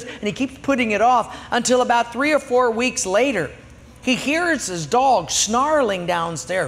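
Male pastor, high voice, animated sermon storytelling, church hall with long reverb. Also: moderate pace.

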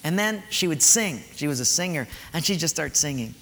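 A male preacher with a fairly high voice, moving between emphatic points and soft storytelling. He is heard in a reverberant hall, a faint layer of noise underneath. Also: expressive, moderate pace, few pauses. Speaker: pastor. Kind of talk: sermon.

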